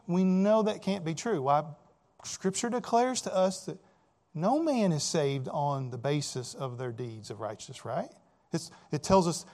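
A man preaching a sermon, asking rhetorical questions with frequent "right?" tags, repeating words, and swinging between emphatic loud points and quieter asides. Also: high voice.

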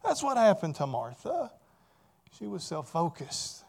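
A man's voice: high voice, wildly swooping pitch, measured pace, gravelly. A man preaching a sermon as a pastor, often asking his listeners rhetorical questions.

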